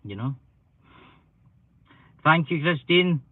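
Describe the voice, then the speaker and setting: A Scottish live streamer from a paranormal channel chats casually, rambling and making fun of himself, sounding a bit stuffy from hay fever. His voice is fairly high and animated but slow. The computer mic gives a tinny, phone-like, dry sound.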